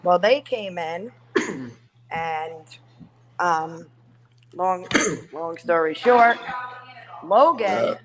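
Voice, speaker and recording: A woman in casual conversation, telling a haunting story in an animated, profane way and acting out what people said. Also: lowish voice, drawn-out words, long pauses, low-quality recording. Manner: animated, profane, acts out quoted lines. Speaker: guest.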